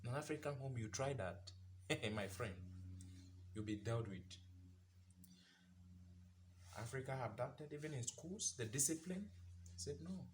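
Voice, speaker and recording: A man's voice: medium pitch, lively intonation, measured pace, long pauses, slight background noise. A man giving an impassioned commentary monologue, asking rhetorical questions and repeating phrases for emphasis. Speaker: vlogger.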